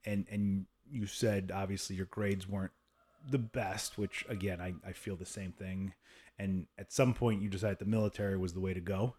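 Casual podcast host, frank and profane. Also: male voice, deep voice, steady tone, moderate pace, a little mellow, slight background noise. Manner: frank, swears, acts out quoted voices. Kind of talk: casual interview chat.

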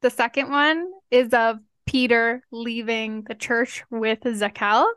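Woman, casual book chat, fairly high voice, dry close sound. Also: steady tone, slow, fairly bright tone, clean tone, no echo. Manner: chatty, reacts with laughs and comments. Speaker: book discussion co-host.

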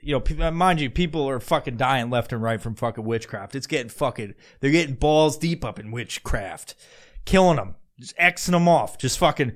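A man's voice: medium pitch, animated, normal speed. A man hosting a podcast, telling history in a profane, rambling, joking way. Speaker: podcast host. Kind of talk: casual storytelling.

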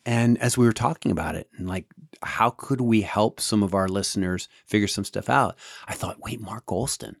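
A man's voice: fairly low pitch, normal speed, gravelly, dry recording, studio quality. A man hosting a podcast, telling a story in a casual monologue, with many restarts and repeated words. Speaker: podcast host.

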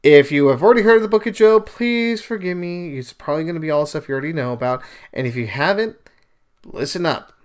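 His voice is fairly high, quick, clear and resonant as this podcast host casually retells a scripture story and shares his religious views. He's animated and emphatic, acting out the quoted speakers, and his delivery is chatty, full of fillers and asides.

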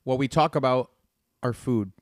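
A man's voice: mid-range voice, normal speed, no echo, studio quality. A man co-hosting a food podcast, talking in an easygoing way and laughing often during casual chat. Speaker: podcast co-host.

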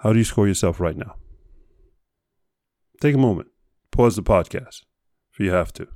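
A low-voiced man hosts a podcast and gives a blunt, profane motivational talk. He fires off one rhetorical question after another in a dark, mellow tone. The recording is dry and close. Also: expressive, normal speed, no room sound. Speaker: podcast host. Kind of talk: motivational monologue.

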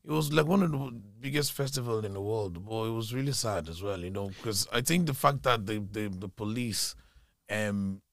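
A man's voice: fairly low pitch, moderate pace, gravelly, no echo, clean studio sound. A man, a guest telling rambling, laughing stories in a casual chat. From Ireland. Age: 30s. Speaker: podcast guest.

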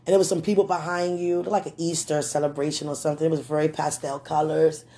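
Woman w a low gravelly voice, rambly and giggly, keeps gushing, bit of a leftover cough. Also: level tone, fast, warm tone. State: clearing a lingering cough. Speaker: admirer speaking to a man on video. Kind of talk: rambling personal message.

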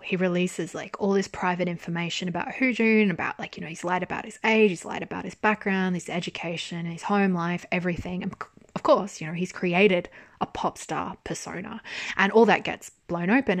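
A woman's voice: lowish voice, a little fast. A woman casually reviewing a drama in a chatty, candid way, with frequent filler words and casual swearing.

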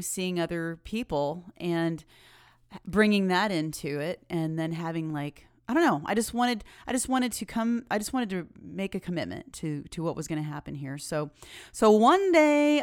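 A woman podcast host telling a personal story in a chatty, animated way, laughing often. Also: on the low side, clean tone, dry recording, studio quality.

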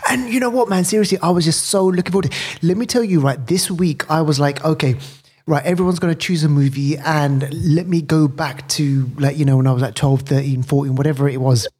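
A man co-hosting a podcast in casual chat, talking in an animated, rambling way full of "right" and "you know". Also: fairly high pitch, fairly quick, breathy edge. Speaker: podcast co-host.

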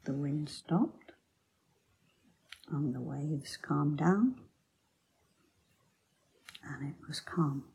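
A woman giving a devotional Bible talk, telling the story slowly and sinking to soft near-whispers. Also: deep voice, gravelly, husky, poor audio. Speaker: Bible teacher.

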